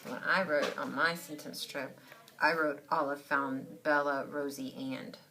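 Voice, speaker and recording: A woman's voice: low voice, fairly even intonation, a little slow, sharp tone. A woman teaching a child to read one-on-one, patient and encouraging as she coaches sounds and spelling. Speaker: reading teacher. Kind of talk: one-on-one reading lesson. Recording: noisy classroom recording.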